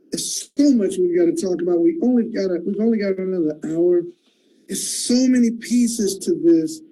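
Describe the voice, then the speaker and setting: A man hosting an online call, moderating with excitable, emphatic hype. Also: sits high, low-quality recording. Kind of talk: enthusiastic moderating.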